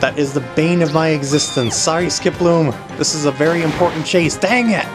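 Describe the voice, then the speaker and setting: In a low, steady voice and at a fairly quick clip, a woman offers playful, chatty commentary on the video game she's playing, often addressing the on-screen characters directly. It's let's-play content from a gaming commentator, with faint game music in the background.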